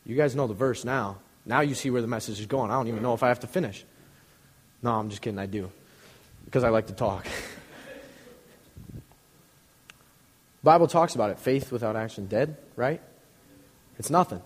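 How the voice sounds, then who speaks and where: A man's voice: mid-range voice, animated, a little slow. Man preaching in an echoing church. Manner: casual, rambling preaching that builds to shouting. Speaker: pastor. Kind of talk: sermon. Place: church sanctuary.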